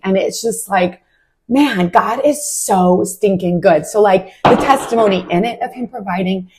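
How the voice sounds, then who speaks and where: Husky-voiced woman sharing a faith testimony. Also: medium pitch, a little mellow. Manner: casual and heartfelt, many "like" fillers. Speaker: Christian podcast host.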